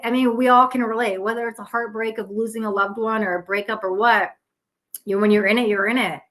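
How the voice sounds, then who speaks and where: A woman hosting a live psychic reading stream, chatty and earnest, talking with gentle guidance and frequent restarts while tired. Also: a little high, fairly even intonation, a little fast. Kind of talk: casual live-stream chat.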